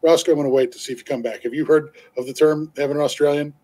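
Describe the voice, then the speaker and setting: Husky, rambling male stream co-host. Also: a little high, fairly even intonation, rapid-fire, warm tone, rough recording. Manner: rambling storyteller, many fillers and restarts; laughs easily while talking. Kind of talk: casual chat on a live stream.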